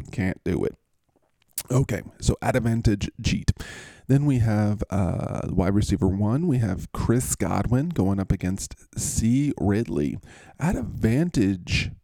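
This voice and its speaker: A man with a low, gravelly, mellow voice runs through fantasy football matchups in casual, playful commentary. He jokes and rambles as he goes, and the sound is close and dry. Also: dry recording. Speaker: fantasy football show host.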